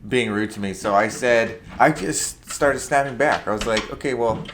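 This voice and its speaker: A man's voice: mid-range voice, moderate pace, a bit bright, slight background noise. A young man co-hosting a casual talk show, telling a long work story in a rambling way with many fillers and acted-out quotes. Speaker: podcast co-host.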